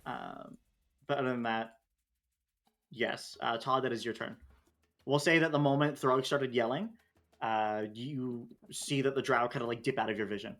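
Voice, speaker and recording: A man's voice: mid-range voice, steady tone, normal speed, fairly bright tone. Rambling man running a game. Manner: loose, rambling with many fillers and restarts. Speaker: game master. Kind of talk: running a tabletop game session.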